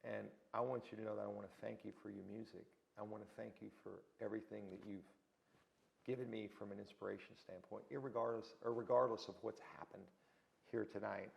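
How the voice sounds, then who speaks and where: There's a little hiss or hum on the recording as a man with a lowish voice and vocal fry tells anecdotes in a relaxed interview. As the guest, he animatedly acts out the people he quotes.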